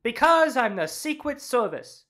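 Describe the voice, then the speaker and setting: A man's voice: extremely high pitch, very animated, measured pace, sharp tone, heavily acted. A man voicing a curt male secret service agent. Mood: stern.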